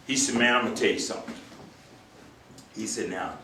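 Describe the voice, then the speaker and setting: Older male speaker, lively storyteller who acts out voices, recorded from afar in a roomy hall. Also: lowish voice, brisk, recorded from a distance, slight background noise. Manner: animated storyteller, acts out voices, laughs with the crowd. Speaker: retired U.S. marshal, speaker. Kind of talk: storytelling speech to an audience.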